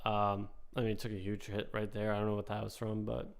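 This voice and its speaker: Guy losing his voice a bit, gravelly, just chatting about stocks offhand. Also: fairly low pitch, completely flat delivery, brisk. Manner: thinking aloud while reading charts, loose and offhand. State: slightly hoarse, losing his voice. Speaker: host. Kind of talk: casual stock market commentary.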